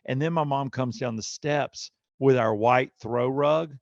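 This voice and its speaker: A middle-aged man with a gravelly, fry-edged voice tells a story on a podcast and slips into animated impressions of everyone in it. The recording is dry and slightly dull, close and without room sound. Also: mid-range voice, a little slow, dry recording. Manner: animated storyteller, acting out quotes. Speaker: podcast co-host. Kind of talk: casual storytelling chat.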